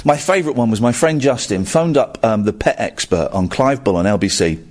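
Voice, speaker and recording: A man who hosts a late-night phone-in radio show, chatting eagerly with a guest and laughing easily. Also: medium pitch. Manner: animated, eager, quick to laugh. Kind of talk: casual interview chat.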